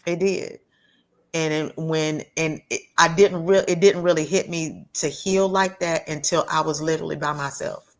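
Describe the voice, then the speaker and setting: Woman w a deep low voice, talking from the heart, stops n restarts a lot. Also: fairly even intonation. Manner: earnest, halting, with many restarts and repeated words; acts out quoted voices of others in her story. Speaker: guest. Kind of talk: heartfelt personal storytelling.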